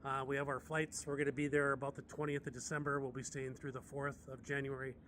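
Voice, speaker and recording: American man, 60s, medic, chatty animated storyteller, middle pitch, faint background noise. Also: fast. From United States. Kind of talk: casual storytelling.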